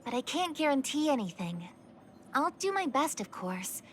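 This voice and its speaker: A woman's voice: sits high, very animated, normal speed, slight background noise. An actress playing a composed, polite female official in a video game, explaining matters formally. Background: game music.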